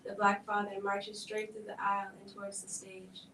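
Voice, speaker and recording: A woman giving a dramatic script reading at a film event, narrating in a measured, level way. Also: medium pitch, completely flat delivery, background noise. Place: event hall. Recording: echoey room, distant mic.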